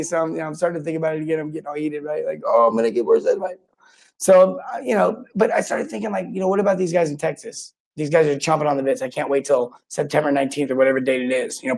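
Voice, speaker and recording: A man's voice: a little high, darkish tone. A man hosting his own show, telling a rambling, worked-up story in casual monologue with many restarts. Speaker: podcast host. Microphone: own mic and camera.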